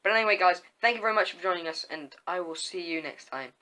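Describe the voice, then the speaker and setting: Young man, storyteller, homemade diary story, bright forceful tone, halting reads, frequent restarts. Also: sits high, poor audio. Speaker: story reader and channel host.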